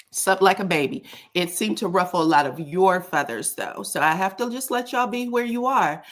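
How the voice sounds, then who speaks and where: A woman hosting a casual commentary show. She talks in a sassy, animated way, often says "child", chuckles, and uses "um". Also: fairly low pitch. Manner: frequent chuckles and filler "um". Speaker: host of a reality TV commentary channel.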